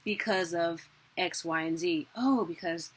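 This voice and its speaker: A woman's voice: lowish voice, a little slow, husky. A young woman giving a casual, chatty online lesson, laughing at herself as she explains. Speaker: teacher.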